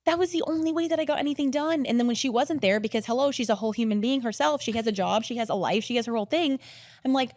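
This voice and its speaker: Fast-talking chatty woman guest. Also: on the high side, no echo, clean studio sound. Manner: rapid, animated, filler-heavy with many "like"s. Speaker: podcast guest. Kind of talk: casual conversational storytelling.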